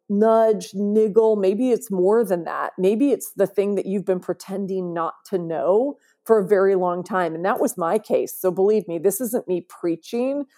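Woman guest on an interview podcast, warm and mellow tone, earnest and emphatic. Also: mid-range voice. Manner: earnest, emphatic, often asks "right?". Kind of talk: conversational interview.

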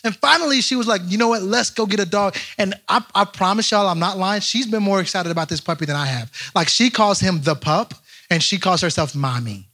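A young man giving an animated, joking storytelling talk to a young crowd, addressing them directly. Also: high-pitched, fairly quick. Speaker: youth speaker.

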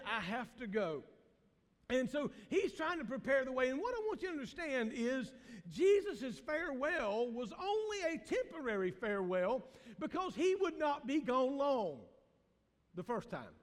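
A man, a pastor preaching a sermon in a folksy way, asking the congregation questions and laughing often. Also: very high-pitched. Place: church sanctuary. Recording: long reverb of a church hall.

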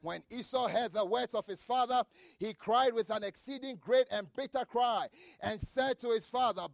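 A man preaching a sermon as pastor, reading scripture slowly and breaking into shouts for emphasis. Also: very high voice, creaky, dry recording, clean studio sound. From grew up outside the United States, across the Atlantic.

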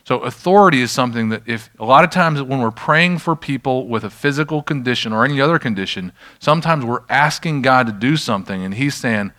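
A man's voice: mid-range voice, fast, hardly any pauses, fairly bright tone. A middle-aged man preaching a sermon, telling stories in a conversational way and adding self-deprecating asides as he leads a healing ministry. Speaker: pastor leading a healing ministry.

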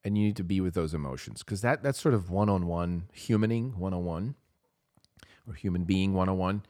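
Brief: male podcast host, low voice, earnest and emphatic, dry close sound. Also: expressive, fairly quick, darkish tone, no echo. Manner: earnest and emphatic, repeats key phrases for weight. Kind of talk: impassioned advice monologue.

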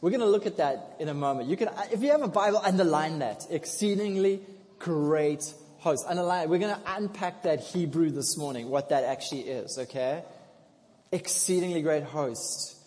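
A man preaching a sermon. He swings from hushed to loud, laughs often, and. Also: on the high side, animated, fast, few pauses. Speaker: pastor. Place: church hall. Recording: long hall reverb.

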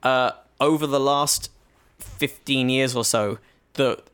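A British comedian guesting on a podcast chats casually, telling a meandering story that keeps restarting. His medium-pitched voice is clear, resonant and a bit bright, and he takes it slowly with a steady tone.

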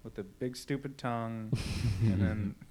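A man's voice: fairly low pitch, a little slow, dark tone. A man chatting casually and joking with friends, laid-back, with many filler words. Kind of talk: casual chat.

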